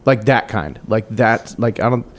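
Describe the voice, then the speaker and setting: A young man trades stories with a friend on a casual podcast, swearing freely. His voice sits a little low, and he acts out the people in his stories as he tells them. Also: a little slow. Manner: swearing, animated storyteller who acts out shouted quotes. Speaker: podcast co-host. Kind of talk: casual storytelling chat.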